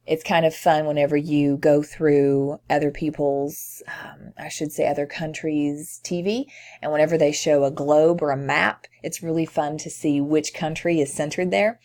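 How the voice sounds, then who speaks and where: A woman's voice: sits low, fairly even intonation, normal speed, darkish tone. A woman teacher with a light Tennessee accent, from the southern United States, giving a conversational screencast lecture with frequent ums.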